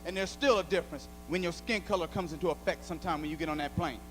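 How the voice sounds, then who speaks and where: A man performing a stand-up comedy routine on a club stage, an animated storyteller who often shouts. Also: on the high side, quick pace, faint music behind.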